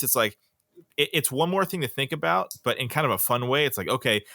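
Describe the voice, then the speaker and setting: A man's voice: medium pitch, pushed and bright, no echo, studio quality. An American man co-hosting a gaming podcast, chatting casually and enthusiastically, with many filler "like"s. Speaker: podcast co-host. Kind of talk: casual chat.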